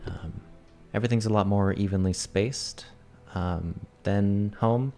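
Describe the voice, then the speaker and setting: A man voicing a curious, teasing young noblewoman who talks haltingly with many fillers, over faint music. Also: lowish voice, steady tone, warm tone. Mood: musing.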